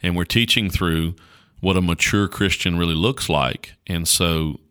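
A man's voice: low voice, measured pace, a bit bright, clean tone, dry recording, clean studio sound. A man with a rural North Carolina accent, a pastor talking in a casual interview in a folksy, earnest way, often restarting his sentences.

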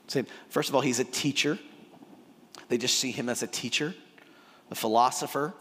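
A man giving a sermon as pastor, with a casual, joking, animated delivery. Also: mid-range voice, normal speed, long pauses, slightly rough. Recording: long hall reverb.

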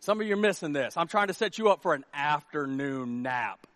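Male pastor, high voice, dry close sound, comic, animated delivery, acts out scenes. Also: a little fast, no room sound. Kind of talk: sermon.

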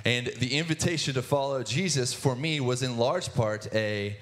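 A man's voice: mid-range voice, moderate pace, a bit bright. A young man in his twenties telling his personal testimony in church, earnest, with many restarts and filler words. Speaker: guest speaker sharing testimony.

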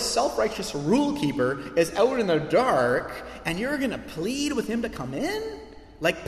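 Impassioned male preacher in an echoey hall. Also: a little high. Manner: earnest, impassioned preaching with emphatic swells. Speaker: pastor. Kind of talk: sermon. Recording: echoey hall with long reverb.

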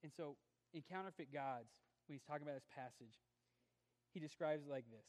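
A male pastor preaching a sermon, swinging between forceful emphasis and quiet, drawn-out lines. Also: fairly high pitch, expressive. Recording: long hall reverb.

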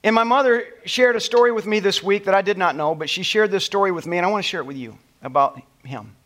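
A middle-aged male preacher with a somewhat high voice tells a personal story to his congregation. His delivery is emotional and storytelling, rising with feeling and then falling soft and hushed at the tender parts. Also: fast talker. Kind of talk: sermon storytelling.

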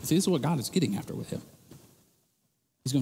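A man preaching a sermon from the stage, telling the story in an animated, joking way and building to emphatic bursts. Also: medium pitch, fast, vocal fry, in a large hall, slight background noise.

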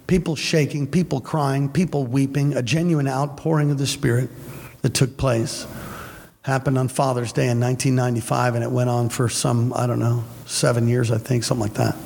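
Gravelly preacher man in an echoey hall. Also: mid-range voice. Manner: animated, playful, folksy, acts out stories. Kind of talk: lively storytelling sermon. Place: church before a congregation. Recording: echoey church hall with faint ambience.

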